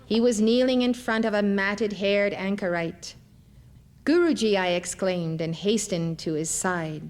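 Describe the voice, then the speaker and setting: A man's voice: high-pitched, measured pace. A woman voicing a devout male disciple who speaks in a reverent, reflective way. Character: devout male disciple recalling a holy encounter.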